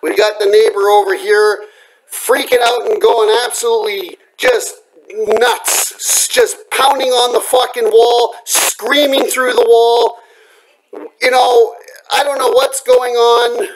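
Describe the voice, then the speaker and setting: A furious man with a very high, strained voice rants at his camera from home at night. He swears constantly and makes threats, and his voice cracks with agitation. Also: steady tone, slow pace, low-quality recording. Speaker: vlogger. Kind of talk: angry rant to camera.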